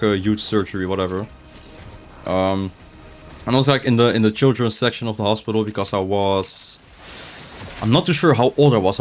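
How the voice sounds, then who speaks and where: A man's voice: lowish voice, a little hiss or hum. A young man chatting casually while gaming, rambling with many restarts and filler words, his speech slightly unclear. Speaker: gaming streamer. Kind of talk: casual gameplay commentary. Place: his room, seated in a chair.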